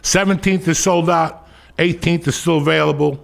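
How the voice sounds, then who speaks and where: Gravelly, profane man in his sixties. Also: on the high side, steady tone, moderate pace. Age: 60s. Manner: loud, profane, laughing rants. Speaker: podcast host. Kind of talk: crude comedic storytelling. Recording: noisy podcast recording.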